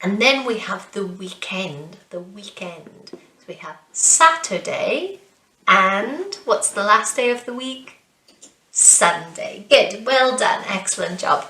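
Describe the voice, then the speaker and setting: A young woman teaching a beginner English class, saying words slowly and clearly, repeating them and praising the learners as she goes. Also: mid-range voice, pushed and bright, far from the mic. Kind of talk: slow beginner language lesson with repetition. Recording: echoey room, voice somewhat off-mic.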